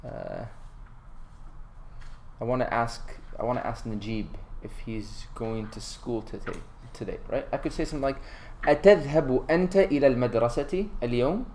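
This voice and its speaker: A man's voice: lowish voice, normal speed, a little hiss or hum. A man teaching an Arabic class, quizzing his students and reading Arabic lines aloud.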